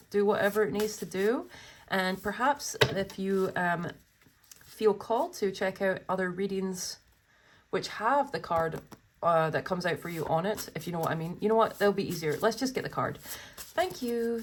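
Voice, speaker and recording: A woman's voice: medium pitch, a little hiss or hum. Chatty giggly woman reading tarot. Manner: chatty and giggly, breaks off into asides. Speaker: tarot reader. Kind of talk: pick-a-card tarot reading, reading card text aloud.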